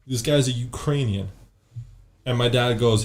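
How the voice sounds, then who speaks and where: A man's voice: medium pitch, measured pace, long pauses. A man guesting on a podcast, telling a rambling story in casual chat and swearing freely.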